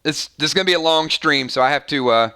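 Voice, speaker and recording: A man's voice: a little high, fast talker, sharp tone, clear, resonant tone. A man running a live-streamed role-playing game, chatting casually and tallying numbers aloud. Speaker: game master.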